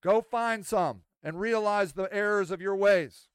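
Podcast host, man, high smooth voice, dry close sound, rambling and animated. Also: unhurried, no echo. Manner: rambling, self-mocking, animated. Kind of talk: casual monologue.

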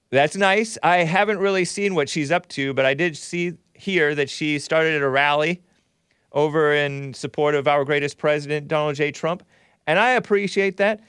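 A man's voice: on the high side, fairly bright tone, smooth, no echo, studio quality. A man from Southern California hosting a talk show, reading viewer messages aloud with wry, sardonic asides.

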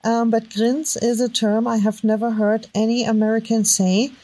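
A woman's voice: on the high side, little pitch movement, dark tone, poor audio. German-accented woman thinking aloud. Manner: halting, thinks aloud with many fillers and restarts. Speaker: podcast host. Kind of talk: casual commentary while browsing web posts. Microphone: home microphone.

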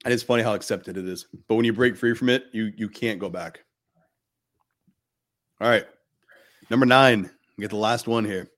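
A man's voice: fairly low pitch, moderate pace, pauses often, fairly bright tone. A man hosting a podcast, talking bluntly and emphatically in casual conversation, with frequent swearing. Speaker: podcast host.

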